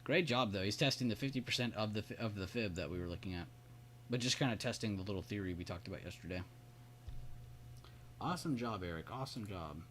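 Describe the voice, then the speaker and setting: A man's voice: fairly low pitch, animated, fast, a bit bright, a little hiss or hum. A man hosting a live trading stream, walking through charts casually and praising viewers by name. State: hiccups. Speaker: trading livestream host. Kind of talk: live market commentary.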